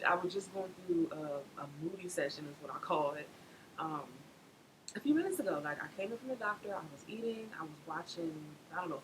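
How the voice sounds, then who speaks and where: A young woman chatting casually in a pregnancy vlog, laughing often. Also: noisy background. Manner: chatty, laughs often, animated pitch swings. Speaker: vlogger.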